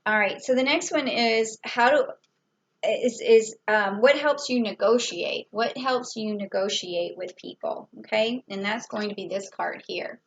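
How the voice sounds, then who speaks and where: A woman's voice: fairly high pitch, unhurried, poor audio. A woman giving a casual tarot reading, talking it through in a chatty way with fillers and small laughs. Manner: chatty, thinks aloud with fillers and little laughs. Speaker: tarot reader.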